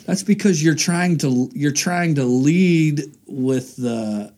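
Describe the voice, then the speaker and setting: A man's voice: on the high side, slow pace, mellow. A man hosting a casual faith talk, earnest and rambling, restarting his sentences often. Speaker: host.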